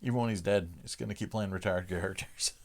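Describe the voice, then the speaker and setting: Low-voiced man hosting a casual livestream. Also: fast. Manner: relaxed, chuckling, lots of "uh" fillers. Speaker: livestream host. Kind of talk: casual chat with live chat viewers.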